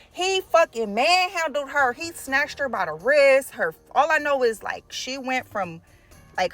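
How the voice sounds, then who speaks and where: Animated woman cursing through a storytime. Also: high-pitched. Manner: animated, profane storytelling with acted-out quotes. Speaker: nail art vlogger telling a story. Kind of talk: casual storytime.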